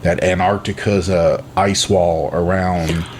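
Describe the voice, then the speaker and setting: A man with a fairly low voice rambles through a casual podcast chat. He stops and restarts his sentences often. A faint hum sits under the talk. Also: steady tone, darkish tone. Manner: halting, with many restarts. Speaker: podcast co-host.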